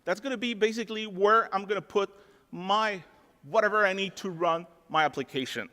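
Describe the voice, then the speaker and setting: French-accented guy giving a laid-back tech talk, lots of "like" and "uh", slightly high voice, big echoey ballroom. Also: a little fast, sharp tone. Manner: casual, chatty explanations with many fillers. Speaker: conference speaker. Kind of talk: technical conference talk with live demo. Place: large conference ballroom.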